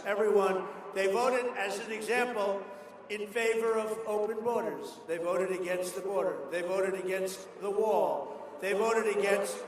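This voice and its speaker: Older male politician, boastful rambling rally talk, highish pitch, big echoey hall heard from afar. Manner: rambling, boastful storytelling with asides. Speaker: politician giving a speech. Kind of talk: rally speech. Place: large hall at a college. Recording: echoey hall, distant PA mic, noise.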